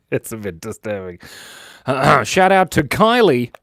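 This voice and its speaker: A man hosting a live drawing stream, cheerful and chatty, his voice bouncing up and down in pitch as he thanks viewers one after another. He talks into a clip-on mic, and the sound is dry and close with no room echo. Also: sing-song, slow, a bit bright. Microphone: clip-on lapel mic.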